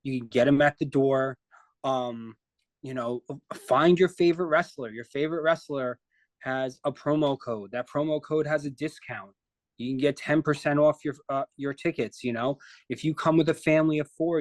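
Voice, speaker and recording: A man's voice: fairly high pitch, fairly even intonation, moderate pace, dry recording, low-quality recording. A man who is a wrestling promoter, guesting on a podcast, talking in a laid-back, self-deprecating way with "you know" fillers. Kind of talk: casual chat.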